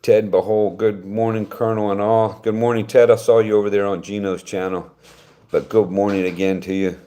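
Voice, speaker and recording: Older man, host, loose rambling livestream talk, deep low voice. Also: level tone, a little fast, dark tone. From West Virginia, United States. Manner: rambling, conversational, frequent restarts. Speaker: channel host reading viewer comments. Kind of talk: casual livestream chat.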